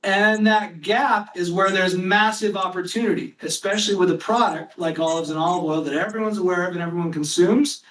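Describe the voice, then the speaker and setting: Man, high voice, explainer in a pitch, rhetorical style, echoey and distant. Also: brisk, few pauses, a bit bright, a little hiss or hum. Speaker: company presenter. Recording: echoey room, mic at a distance.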